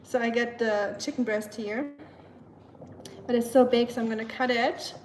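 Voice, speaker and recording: A woman's voice: on the high side, steady tone, moderate pace, low-quality recording. Chatty woman live-streaming from her kitchen. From learned British English. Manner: chatty, talks to her dog and reads comments. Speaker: livestream host. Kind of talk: casual live-stream chat while cooking. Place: home kitchen. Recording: clear kitchen background noise. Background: kitchen clatter of dishes and pots.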